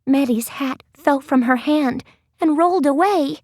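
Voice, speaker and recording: A woman narrating an audiobook in a gentle, expressive storytelling voice. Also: high-pitched, a little slow, no echo, studio quality. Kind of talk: scripted narration.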